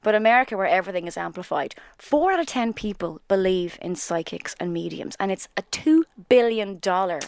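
A woman, co-hosting a podcast in casual chat, an animated storyteller who acts out quotes. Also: medium pitch, fairly quick, creaky, few pauses, no echo. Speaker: podcast co-host.

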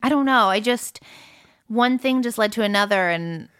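A woman's voice: a little high, moderate pace, a bit bright, smooth. An American woman musician talking casually in an interview, chatty and full of fillers, laughing often. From United States. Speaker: musician guest.

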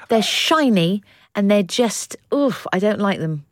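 A woman co-hosting a comedy podcast, chatting playfully and teasing with drawn-out emphasis. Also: medium pitch, lively intonation, no echo, clean studio sound. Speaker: podcast co-host. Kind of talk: comedic casual chat.

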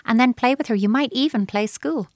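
A woman's voice: fairly high pitch, brisk, no room sound, studio quality. A woman, a child psychotherapist, giving parenting advice on a radio show and acting out children's replies. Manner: animated, acts out children's replies.

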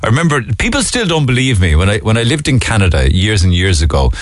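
Radio host in a dry studio. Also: male voice, lowish voice, very animated, quick pace, no echo. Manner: chatty, laughs along with the caller. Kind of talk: casual radio chat.

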